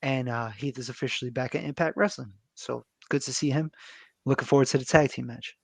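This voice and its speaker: A man talks through a wrestling episode in loose, profane podcast banter. His voice sits at an ordinary middle pitch and sounds dry and close to the mic, with no room around it. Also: steady tone, brisk, vocal fry, breathy edge, no room sound. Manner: loose and profane, with frequent fillers and laughs. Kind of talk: casual chat recapping a wrestling show.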